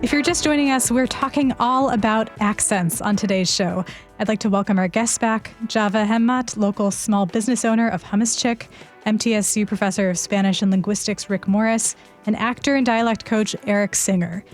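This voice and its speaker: A woman's voice: mid-range voice, fairly quick, soft background music. A woman hosting a public radio talk show, introducing guests and asking questions. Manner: clear, conversational.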